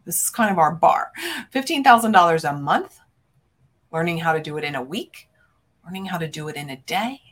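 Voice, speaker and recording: A woman's voice: fairly low pitch, lively intonation, fairly quick. A woman podcast host and business coach giving emphatic, fervent motivational talk, speaking straight to her listeners as friends. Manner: emphatic, fervent, punchy declarations with big swings in loudness; addresses listeners directly as friends.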